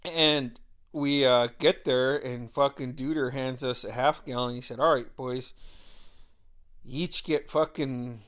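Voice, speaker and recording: A man's voice: mid-range voice, steady tone, unhurried. A man in his thirties casually telling a long personal story, swearing heavily and laughing often as he talks.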